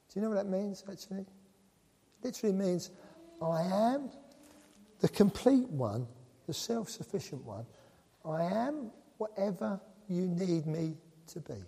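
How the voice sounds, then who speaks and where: Lively preacher in a reverberant hall. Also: male voice, sits high, a little slow, creaky, breathy edge. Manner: animated, joking with the congregation. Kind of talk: sermon. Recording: long reverb of a large hall.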